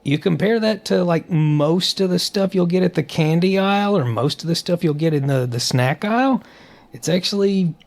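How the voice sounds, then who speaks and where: A man talks on a casual podcast in an animated, opinionated manner, often stopping to restart his sentences. His voice sits fairly high for a man and has a gravelly, fry-laden edge. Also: normal speed. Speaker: podcast co-host.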